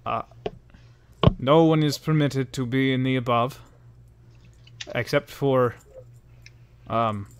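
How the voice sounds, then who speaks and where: Casting: man playing a earnest male drow warrior, formal and courteous, measured and unhurried in delivery, with a mid-pitched voice. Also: a little hiss or hum.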